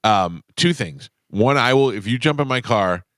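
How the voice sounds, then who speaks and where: A man's voice: mid-range voice, normal speed, no echo. A man hosting a radio show, telling rambling stories in casual banter from the studio mic. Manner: rambling, animated storyteller. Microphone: studio microphone.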